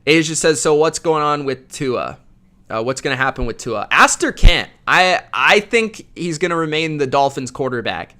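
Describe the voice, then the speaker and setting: A man hosting a live football reaction stream, reading viewer chat aloud and commenting in a loud, slangy, casual way. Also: a little high, lively intonation, moderate pace. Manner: loud, self-described yeller, slangy with frequent "bro".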